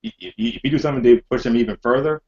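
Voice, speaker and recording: A man hosting a wrestling podcast, chatting casually with energetic, repetitive banter. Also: medium pitch, racing, muffled recording.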